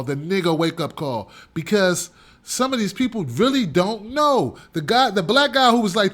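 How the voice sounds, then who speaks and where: A man's voice: sits high, expressive, moderate pace, a bit bright. A man hosting his own show, delivering an emphatic, repetitive opinion monologue with a ranting edge. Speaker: show host.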